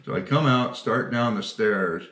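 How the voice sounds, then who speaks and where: An older retired firefighter telling stories in a casual interview, folksy and quick to laugh. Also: male voice, lowish voice, fairly bright tone, roomy sound.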